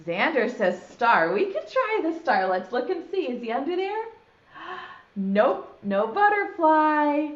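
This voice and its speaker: A woman preschool teacher with a high, lively sing-song voice, talking slowly and encouragingly to little children. The sound is dull, with a roomy echo. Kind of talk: storytime for young children. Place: indoor room, streamed live online. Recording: dull echoey room sound.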